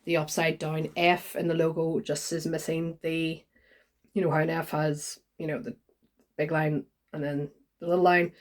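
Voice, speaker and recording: Chatty woman vlogger. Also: low-pitched. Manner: chatty, animated retelling with quoted voices. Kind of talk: casual chat, storytelling.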